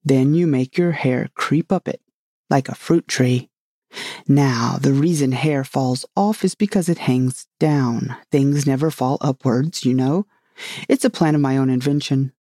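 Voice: medium pitch, unhurried, warm tone, dry recording, studio quality. A storybook reader voicing a grave, muddled old knight who rambles proudly about his own inventions. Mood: earnest. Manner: grave, rambling, self-satisfied.

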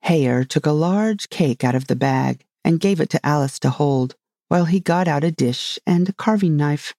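A narrator reading a storybook aloud in a steady, measured way. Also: medium pitch, dry recording, clean studio sound.

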